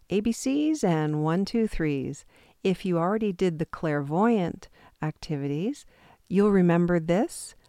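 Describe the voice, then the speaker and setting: A woman calmly and patiently leading a guided intuition exercise step by step, with the odd self-deprecating aside. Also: fairly low pitch, dry recording, clean studio sound. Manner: calm, patient step-by-step instructions. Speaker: intuition teacher.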